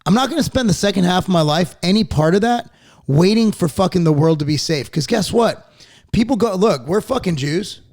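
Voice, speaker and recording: A man in his forties hosts a podcast, his high voice moving briskly as he rants casually and swears constantly. His delivery is animated and profane.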